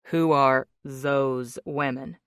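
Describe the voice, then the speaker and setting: A woman voicing a steady, protective wealthy man. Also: drawn-out words, clear, resonant tone, dry recording, clean studio sound, heavily acted. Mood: determined. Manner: steady, low-key, firm. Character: protective rich young man, calm and determined. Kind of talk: audiobook character reading.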